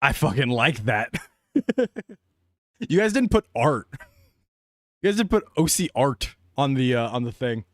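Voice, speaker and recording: A young man chatting casually on a live stream, excitable and laughing often. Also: medium pitch, a little slow, pauses often, dry recording, clean studio sound.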